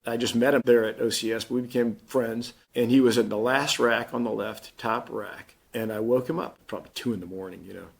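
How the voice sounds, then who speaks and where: A man's voice: medium pitch, fairly even intonation, fairly quick, vocal fry, few pauses, husky. A man in his fifties, a Marine Corps general, telling his story plainly in an interview and acting out the dialogue he quotes. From Missouri.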